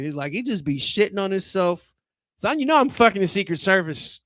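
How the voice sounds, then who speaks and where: A man in his thirties doing a loose, profane and rambling stand-up comedy set on a club stage, talking into a handheld mic, with sudden loud outbursts. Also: high voice, animated, brisk, no echo. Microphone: handheld microphone.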